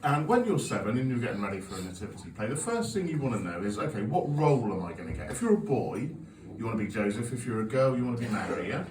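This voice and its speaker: A man's voice: medium pitch, very animated, fast, darkish tone, a little hiss or hum. A man in his forties doing a stand-up comedy set, telling sweary, self-mocking stories with an audience laughing along. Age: 40s. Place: comedy club stage. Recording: echoey venue, taped from a distance.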